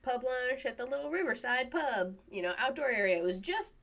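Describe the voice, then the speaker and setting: A woman in casual conversation, telling stories with lively quoted voices. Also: brisk, gravelly. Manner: animated storytelling, voices quotes higher. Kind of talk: casual chat.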